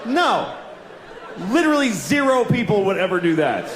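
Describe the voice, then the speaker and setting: A man doing a stand-up routine, ranting at himself in an exasperated, self-mocking way, bursting into yells. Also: high voice, big pitch swings, normal speed, a faint crowd. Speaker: stand-up comedian. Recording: echoey room with loud ambient noise.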